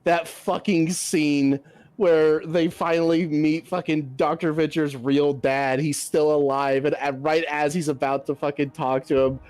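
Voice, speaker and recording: A man's voice: on the high side, flat delivery, a little slow, a little mellow. A man streaming a game, casually chatting and retelling cartoon scenes with constant swearing.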